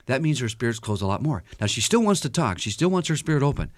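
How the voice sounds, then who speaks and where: A man's voice: mid-range voice, fast talker, no room sound. A man appearing as a guest counselor on a radio talk show, telling stories with animation and acting out the quotes. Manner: animated storyteller who acts out quotes.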